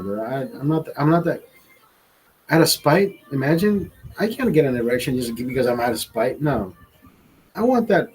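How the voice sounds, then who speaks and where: A man's voice: medium pitch, slightly rough, poor audio. A man in his forties telling a crude personal story on a podcast, swearing constantly and acting out what others said. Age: 40s. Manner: profane, animated, acts out quoted voices. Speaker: podcast host. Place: studio.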